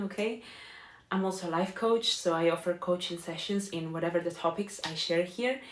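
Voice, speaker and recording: A young woman sharing a heartfelt, emotional faith testimony in a vlog, earnest and often close to tears. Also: mid-range voice. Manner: earnest with frequent "you know?". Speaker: faith vlogger and life coach. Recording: echoey room.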